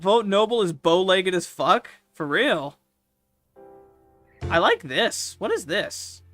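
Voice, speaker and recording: A man streaming casual commentary with a high, bright voice that swings widely in pitch. He is excitable and swears freely, breaking into loud outbursts. Faint music plays behind his dry, close sound. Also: takes it slowly, dry recording.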